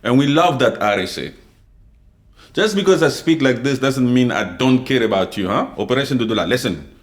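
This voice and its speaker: Forceful confrontational man hosting a podcast. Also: mid-range voice. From Congo. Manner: forceful, confrontational, swings between loud outbursts and quiet asides; reads and answers live comments. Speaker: podcast host. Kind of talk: unscripted opinion podcast monologue.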